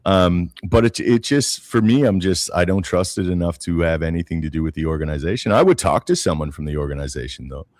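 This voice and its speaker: A man's voice: deep voice, expressive, brisk, few pauses, darkish tone, dry recording, clean studio sound. A man from Canada co-hosting a casual political podcast, talking bluntly and swearing freely, often restarting his sentences. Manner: blunt, profane, repeats words when starting. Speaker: podcast co-host.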